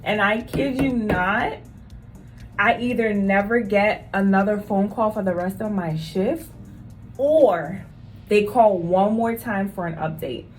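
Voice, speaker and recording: A nurse speaks directly to her viewers in a casual storytelling vlog, her mid-range voice moving at a slow pace over faint background music. She is emphatic and repeats phrases to drive her points home.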